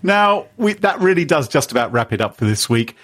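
A man co-hosting a podcast, chatty and quick to laugh. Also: on the high side. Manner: chatty, laughs easily, lively. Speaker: podcast co-host. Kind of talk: casual podcast chat.

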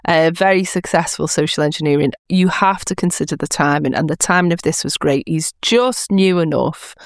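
A woman's voice: low-pitched, moderate pace, dry recording, clean studio sound. A British woman, a social engineer guesting on a podcast, talking in a chatty, emphatic way. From Britain. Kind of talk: casual chat.

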